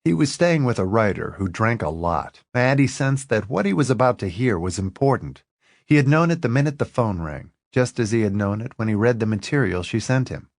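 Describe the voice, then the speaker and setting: A man narrating an audiobook in an expressive, lively reading. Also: fairly low pitch, brisk, no echo, clean studio sound.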